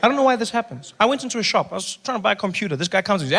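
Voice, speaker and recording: A man in his thirties tells a stand-up story, animated and quick to act out other people's voices. His voice sits on the higher side for a man and keeps swinging between loud bursts and hushed asides. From South Africa. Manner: animated, acts out voices, drops to a hush for effect. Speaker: stand-up comedian.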